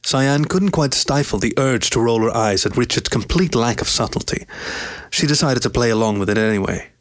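A man reading a story aloud in an even, steady narration. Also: mid-range voice, moderate pace. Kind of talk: scripted narration.

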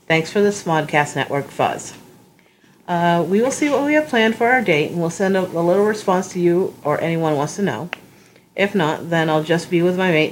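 A woman's voice: deep voice, a little hiss or hum, poor audio. A woman co-host of a casual podcast, reading a listener's email aloud with a few hesitant fillers.

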